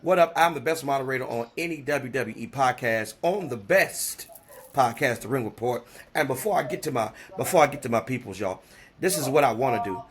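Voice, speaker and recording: A man moderating a wrestling podcast, talking with loud repetitive hype. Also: medium pitch, expressive, moderate pace, slightly rough. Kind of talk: hyped podcast intro.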